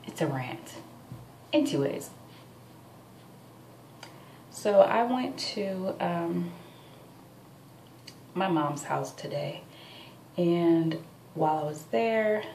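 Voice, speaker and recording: A tired woman in her twenties vents to the camera late at night at home, chatty and full of fillers, as a vlogger. Her lowish, slightly mellow voice is recorded from a distance. The room is echoey, with faint background noise.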